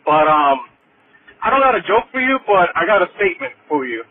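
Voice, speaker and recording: A man's voice: sits high, very animated, fairly quick. A man calling into a fan show from his car, talking loose and slangy. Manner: loose slangy street talk. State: driving while calling. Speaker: caller. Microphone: phone. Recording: tinny phone line with faint noise.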